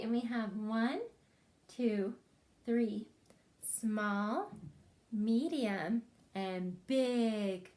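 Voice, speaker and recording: A woman leads a preschool craft lesson, speaking slowly, gently and encouragingly as young children follow along. Her voice is on the high side.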